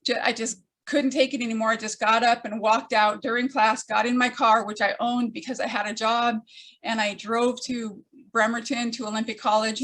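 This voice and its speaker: An older woman telling a personal story to an audience, with wry humor and frequent pauses. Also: fairly high pitch, fairly bright tone. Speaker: storyteller speaker.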